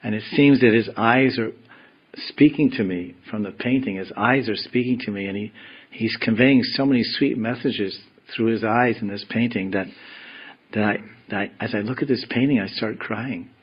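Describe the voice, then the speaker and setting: A man giving a devotional scripture class, telling stories in a slow, meditative way. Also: fairly low pitch, breathy edge, lo-fi sound. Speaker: spiritual teacher.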